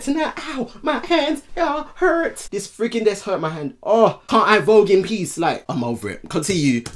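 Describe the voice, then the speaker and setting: Flamboyant young man, wildly animated pitch. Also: brisk. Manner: flamboyant, exclamatory, sassy, talks straight to viewers. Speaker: reaction video host. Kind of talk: excited reaction commentary. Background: music video playing.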